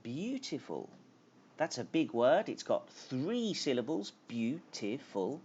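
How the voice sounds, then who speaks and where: A man's voice: fairly high pitch, big pitch swings, a little slow, darkish tone, husky. A man teaching English grammar on a live stream, explaining patiently and reading out names from the chat. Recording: dull lo-fi stream audio with faint noise.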